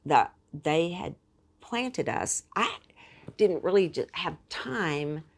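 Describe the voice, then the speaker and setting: A woman guest telling a personal story in an animated, expressive way. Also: lowish voice, slow pace, breathy edge. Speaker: podcast guest. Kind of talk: storytelling in conversation.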